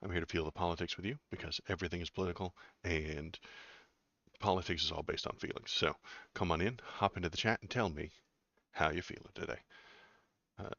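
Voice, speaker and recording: A man's voice: low-pitched, brisk, fairly bright tone, no room sound, muffled recording. A man hosting a casual political livestream, joking and rambling. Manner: joking, rambling, self-mocking. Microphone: webcam setup.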